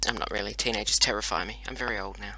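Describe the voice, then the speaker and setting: Racing along in a fairly low, steady voice that's pushed, bright and slightly rough, this fortyish Australian man chats through his video game. The commentary is casual, playful and full of self-mockery.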